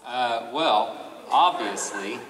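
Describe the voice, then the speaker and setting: A male voice actor on a convention panel, talking in a halting, self-deprecating way with many restarts. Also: medium pitch. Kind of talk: panel talk. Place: large convention hall. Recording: echoey hall from far off, crowd noise.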